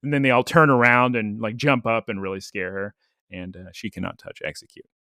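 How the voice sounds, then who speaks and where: A man's voice: fairly low pitch, fairly even intonation, a little fast, pushed and bright, no echo, studio quality. A man co-hosting a podcast, recapping an anime episode in rambling, jokey casual chat full of "like". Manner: rambling, jokey, lots of "like" fillers. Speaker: podcast co-host.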